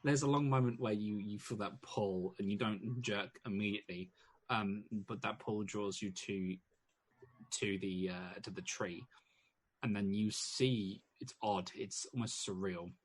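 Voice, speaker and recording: A man's voice: on the low side, steady tone, a little slow, breathy edge. A man narrating as game master in a tabletop game, rambling with many restarts and fillers.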